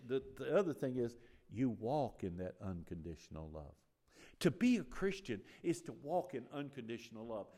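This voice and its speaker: A middle-aged man preaching a sermon in a church, his voice climbing and growing loud on key points, with many restarts and fillers. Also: mid-range voice. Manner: animated, rising loud on emphasis, restarts and fillers.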